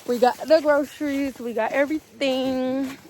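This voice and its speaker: A woman's voice: high-pitched, fairly even intonation, moderate pace, darkish tone, a little hiss or hum. A young woman talking casually to her viewers in a family vlog, chatty and laughing often, filmed on a handheld phone. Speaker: vlogger. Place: outdoors in snow and at home. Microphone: handheld phone camera.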